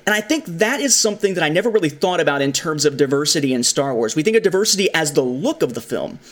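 A man's voice: fairly high pitch, big pitch swings, fast talker, a bit bright. A man hosting a casual film discussion, talking with animation and acting out the lines he quotes. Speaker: podcast host.

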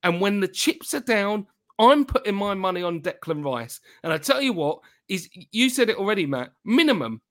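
Excitable man gushing on a football podcast. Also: sits high. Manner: excitable, gushing, halting restarts. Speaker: podcast host. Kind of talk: casual football podcast chat.

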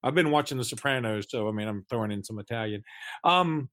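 A man's voice: medium pitch, lively intonation, quick pace, fairly bright tone. A man in his thirties co-hosting a casual sports podcast, telling stories in a rambling way and often stopping to restart his sentences. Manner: rambling, self-interrupting storyteller. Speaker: podcast co-host.

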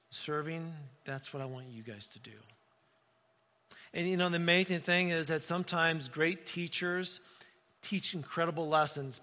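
Bright-voiced male pastor in an echoey hall. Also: fairly high pitch. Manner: conversational, frequent "right?" asides. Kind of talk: sermon. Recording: echoey hall, dull lo-fi sound.

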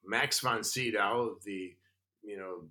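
Bright-voiced older man telling stories. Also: fairly low pitch, slow. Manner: animated, restarts and lots of 'you know'. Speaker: guest actor. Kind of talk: casual interview storytelling.

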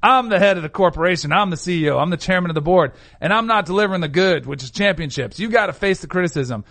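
A man doing an impression of a grumpy older male football analyst, gruff and complaining. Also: sits high, expressive, fast, a bit bright. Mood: grumbling.

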